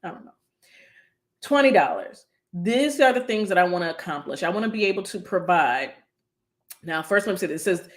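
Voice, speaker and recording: Woman psychologist, casual live-stream talk, slightly low voice, chatty and encouraging. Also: animated, brisk, long pauses. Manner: chatty and long-winded, with many fillers.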